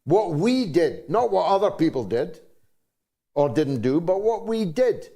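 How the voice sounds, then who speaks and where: An older man with a Scottish accent hosting a political talk show, speaking with deep emotion. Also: big pitch swings, measured pace, vocal fry, mellow. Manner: impassioned, emotional. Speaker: host.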